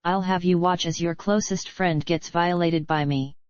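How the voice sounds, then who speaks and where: Woman reading a taunting young villain, low-pitched, dry recording. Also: fairly even intonation, moderate pace, a little mellow, dry recording, muffled recording, lightly acted. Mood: gloating. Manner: mocking, taunting. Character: cruel gloating young male villain.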